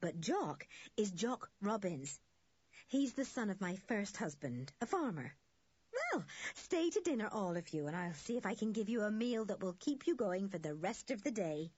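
A woman doing a brisk, kindly farm mother. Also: mid-range voice, very animated, a little mellow, husky, no room sound, lo-fi sound. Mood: hospitable.

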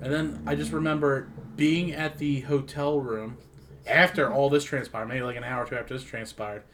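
A man's voice: medium pitch, steady tone, moderate pace, fairly bright tone. A man in a casual chat, recalling a night out in a loose, rambling way.

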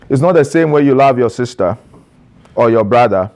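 A man's voice: medium pitch, expressive, normal speed, darkish tone. A man preaching a sermon, emphatic, repeating phrases and stretching out stressed words, addressing his young listeners directly with questions.

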